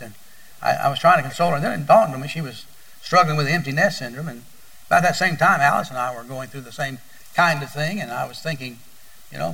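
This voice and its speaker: An older man preaches to his congregation in a bright, gravelly voice, slightly high for a man. He tells folksy stories and keeps repeating his words as he goes. He sounds a little distant from the mic in the church. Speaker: pastor. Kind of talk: sermon.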